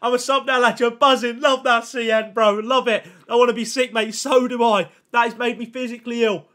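Excitable high-voiced young streamer. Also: male voice, fairly quick. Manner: chatty, excitable, reacts loudly to pack openings; thanks chat constantly, slangy. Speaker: livestreamer. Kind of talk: casual gaming livestream chat.

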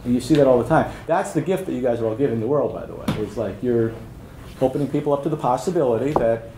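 A man speaking at a live workshop, mid-pitched and easygoing, chuckling at his own stories and tossing in "right?" to the room. His voice carries an echoey hall sound with a faint hum of ambience behind it. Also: fast, mellow. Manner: conversational, checks in with "right?". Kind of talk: live workshop talk with storytelling.

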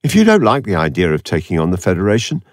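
Brief: skeptical woman pilot, read by a man, tart and lively, dry sound. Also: low voice, fast, no echo. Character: sharp, disapproving woman pilot.

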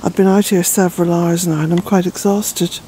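Older Irish-born woman vlogging in her garden, mellow tone, breathless and chatty, faint outdoor noise behind. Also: lowish voice, fairly even intonation, normal speed, poor audio. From Ireland. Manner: rambling, chatty, with fillers. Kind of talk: casual walk-and-talk narration.

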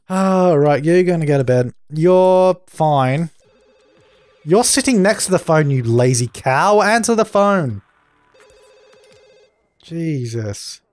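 A man's voice: on the high side, animated, slow pace, darkish tone, dry recording. A young man doing let's play commentary, bossy and exasperated as he scolds the characters on screen. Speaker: gaming channel host.

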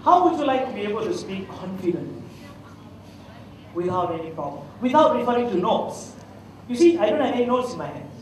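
With a brisk, sing-song voice that sits high, this middle-aged Malaysian English-accented man entertains a festival crowd in a big hall with anecdotes and quiz questions. There's a little hiss or hum, and the distant mic picks up the hall's echo.

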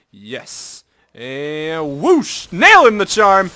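A young man gives casual live commentary over his own game, excitable and self-mocking, dropping to mutters and jumping to yelps. His voice sits at medium pitch with a moderate pace, and there's no echo.

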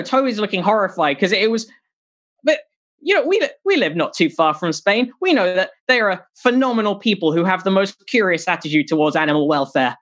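A stand-up comedian doing a set from home over a video call, lively and quick to mock, dropping into sneering put-on voices. The audio is dull and lo-fi, with a mid-height voice. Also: mid-range voice. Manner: animated, slips into mocking put-on voices; laughs at own jokes.

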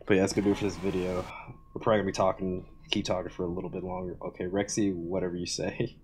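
A young man talks loosely over his gameplay in a lowish voice, rambling with loose fillers, laughing at himself and swearing. Faint keyboard clicks and typing sit behind him. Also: little pitch movement, very fast, darkish tone, slight background noise. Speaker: gaming video host. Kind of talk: casual gameplay commentary.

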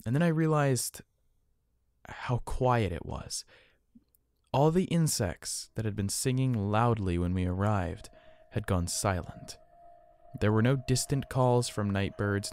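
A man narrating a first-person horror story in a tense, hushed storytelling manner. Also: fairly low pitch, slight background noise.

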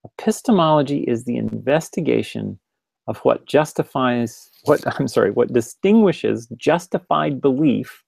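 Guy with a super gravelly fry voice rambling thru a webinar, dead dry sound. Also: mid-range voice, lively intonation, unhurried, darkish tone, no room sound. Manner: rambling, with restarts and direct questions to listeners. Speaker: webinar presenter. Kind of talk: casual spoken webinar lecture.

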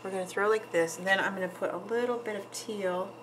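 A woman's voice: mid-range voice, fairly even intonation, quick pace, background noise. A woman nail artist casually narrating a tutorial as she works, chatty with frequent ums and asides. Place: nail salon.

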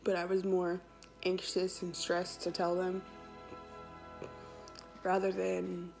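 A woman's voice: lowish voice, completely flat delivery, slow, vocal fry, a little mellow, faint music behind. A woman, telling a personal story in a casual, chatty vlog with lots of quoted dialogue. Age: 20s. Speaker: vlogger.

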